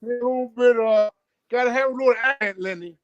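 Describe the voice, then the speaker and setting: A man's voice: very high voice, level tone, fairly quick, clean tone, lo-fi sound. A man in his fifties from Baltimore, a joking, playful guest on a talk stream.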